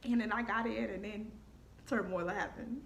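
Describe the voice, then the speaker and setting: A young adult woman telling a casual storytime in an animated way, laughing often and acting out the quotes. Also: mid-range voice, moderate pace, creaky. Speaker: vlogger. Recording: echoey room.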